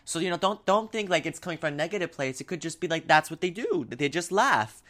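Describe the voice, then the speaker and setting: A young man talks straight to his viewers and gives advice. He rambles, restarts his sentences and leans on fillers, and his delivery stays lively and animated. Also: fairly high pitch, fast talker. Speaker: vlogger giving advice. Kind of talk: casual advice vlog.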